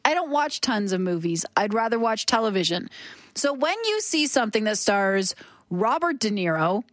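A woman co-hosting a radio show, chatting casually in a lively, opinionated, quick way, often laughing. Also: medium pitch, no echo. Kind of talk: casual chat on air. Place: radio studio. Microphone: studio microphone.

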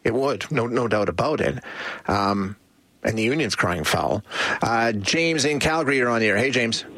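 A man hosting talk radio in a loose, chatty way, often restarting his sentences. His voice sits at a middle pitch. The studio sound is dry and close. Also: lively intonation, moderate pace, a bit bright, no echo. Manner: chatty, with frequent restarts and fillers. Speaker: radio talk show host.

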